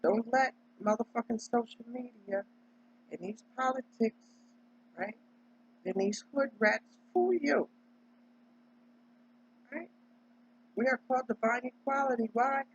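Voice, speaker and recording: A husky woman from Delaware holds forth in a casual, preachy monologue, pressing each point and checking in with "right?" as she goes. Her voice sits in a middle range and comes through dull, lo-fi audio. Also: fairly high pitch, measured pace, long pauses. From Delaware, United States. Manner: emphatic, preachy, tags lines with "right?". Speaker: vlogger.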